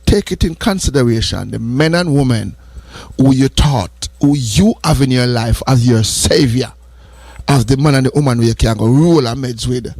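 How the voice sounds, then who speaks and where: A man's voice: medium pitch, normal speed, a little mellow, no echo. Earnest Jamaican man giving morning advice. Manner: earnest and repetitive, drifting between patois and English. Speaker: radio host. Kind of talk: morning radio talk, preachy advice.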